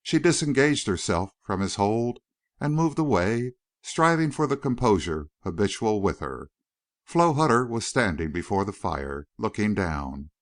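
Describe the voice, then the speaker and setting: Lively low-voiced male audiobook narrator. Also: a little slow, no room sound, studio quality. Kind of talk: scripted narration.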